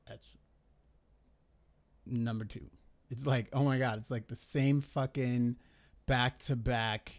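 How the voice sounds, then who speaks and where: Young guy, mid-pitched, slow-talking, casual trade recap with lots of swearing and self-criticism. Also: steady tone. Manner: rambling, profane, self-critical, thinking aloud. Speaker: day trader reviewing his trades.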